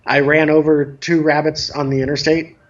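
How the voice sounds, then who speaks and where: A man guest telling a casual story about himself in a relaxed, self-mocking way, over a remote call. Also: fairly high pitch, normal speed, lo-fi sound. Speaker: guest, dance DJ.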